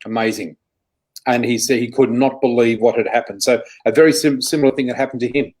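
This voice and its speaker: A man's voice: medium pitch, fairly even intonation, quick pace, a little mellow, poor audio. Middle-aged Australian man, chatty interview guest who tells long stories and corrects himself. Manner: chatty, self-correcting, acts out quotes. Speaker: guest psychic. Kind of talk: anecdotal interview storytelling.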